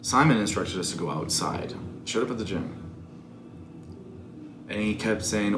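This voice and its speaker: Deep-voiced young man telling a story. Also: animated, a little slow. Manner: profane, candid, self-critical. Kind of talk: casual storytelling. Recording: echoey room with background noise.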